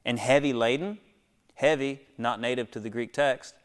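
A man preaching a sermon, swinging from hushed near-whispers to loud, high exhortations, with rhetorical questions and calls to the congregation. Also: normal speed, clear, resonant tone. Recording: long echo of a large hall.

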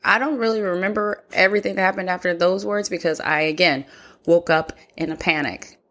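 Speaking a bit quickly in a slightly bright, lowish voice, this woman hosts a podcast. She reflects on a personal story and performs the remembered dialogue.

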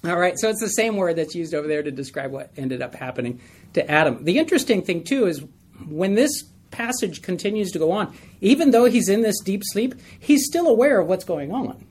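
A man's voice: high-pitched, animated, a little fast, a little mellow, breathy edge. A man teaching a Bible study in a conversational way, asking his group questions and telling stories with a laugh.

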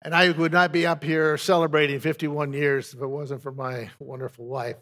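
An older pastor speaks from the pulpit in a gravelly voice with a touch of fry. He tells his story in a folksy, meandering way, often restarting his sentences. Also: on the high side, normal speed, sharp tone, a faint crowd, slight background noise. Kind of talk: testimony from the pulpit.

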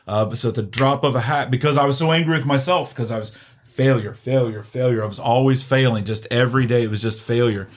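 A middle-aged man giving an earnest, halting personal testimony, full of restarts. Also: mid-range voice. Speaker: guest sharing testimony.

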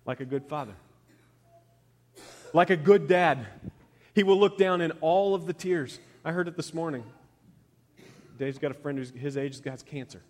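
A man in his thirties preaching a conversational sermon as a pastor, often dropping to a soft, quiet voice. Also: fairly high pitch, long reverb tail.

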